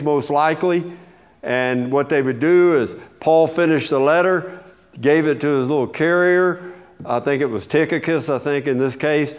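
Emphatic man preaching a sermon. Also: a little high. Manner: emphatic teaching with rhetorical questions. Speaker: pastor. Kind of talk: expository sermon.

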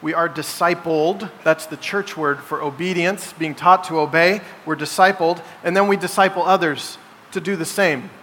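A man's voice: a little high, moderate pace, fairly bright tone. A man preaching a sermon as pastor, emphatic and posing rhetorical questions to his congregation. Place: church sanctuary. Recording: long hall reverb, faint background noise.

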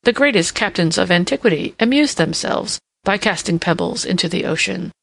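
A woman's voice: lowish voice, normal speed, gravelly, heavily acted. A woman voicing an elderly male king who is jovial, teasing and sure of himself, in an audiobook reading. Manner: lively, mocking, fond of puns and learned quips.

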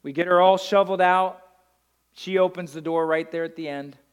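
A man preaching a sermon as a pastor, swinging from loud declarations down to hushed storytelling. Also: high-pitched, steady tone, moderate pace, clear, resonant tone.

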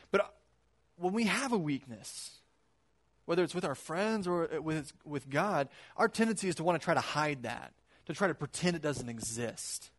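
A man giving a casual, conversational sermon, animated and acting out quotes in his retelling. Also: a little high.

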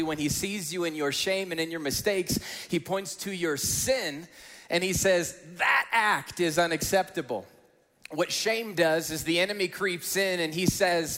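A male pastor preaching a sermon to a congregation in a large church auditorium, telling stories in a conversational, animated way. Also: on the high side. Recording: echoey hall.

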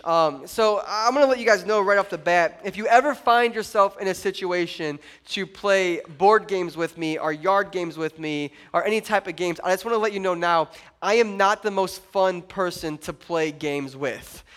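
A man preaching a sermon to his congregation, joking and animated, often rising to loud emphasis. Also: high voice, moderate pace. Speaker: pastor.

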